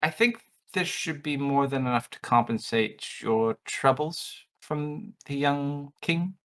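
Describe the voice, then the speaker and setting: A game master voicing a secretive, smooth-talking male envoy of a royal family in soft, hesitant, coaxing speech. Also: mid-range voice, slow. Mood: confiding. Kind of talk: in-character tabletop role-play.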